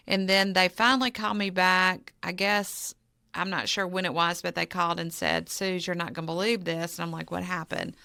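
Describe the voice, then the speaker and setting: Bright gravelly-voiced woman telling a story. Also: on the low side, moderate pace, dry recording, studio quality. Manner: animated storyteller, acts out quoted dialogue. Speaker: charity co-founder. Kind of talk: personal storytelling in a podcast interview.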